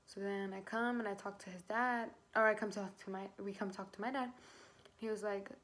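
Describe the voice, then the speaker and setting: A pregnant teenage girl talks straight to her camera, rambling through her story with constant fillers and easy swearing. Her voice sits at an ordinary pitch for a young woman. A faint hum of room noise sits behind her. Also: steady tone, brisk, a bit bright. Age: teens. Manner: chatty, swears freely, heavy filler "like". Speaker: vlogger.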